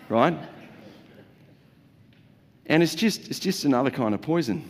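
A man's voice: medium pitch, lively intonation, measured pace, long pauses, in a large hall. A man preaching a sermon in a church, jokey and conversational, with playful asides to the congregation. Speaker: pastor. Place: church auditorium.

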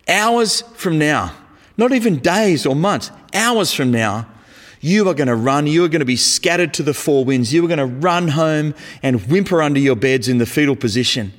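Man putting on a high, exasperated teacher scolding his followers; blunt, incredulous; echoey hall. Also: lively intonation, moderate pace, close to an everyday voice.

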